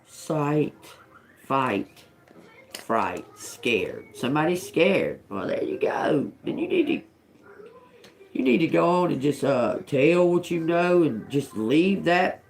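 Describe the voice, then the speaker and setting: Slow, blunt woman musing through a reading. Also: low-pitched, very animated, gravelly, darkish tone. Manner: thinks aloud, repeating single words slowly; blunt and profane, with frequent chuckles. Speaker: tarot reader. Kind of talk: live-stream tarot reading.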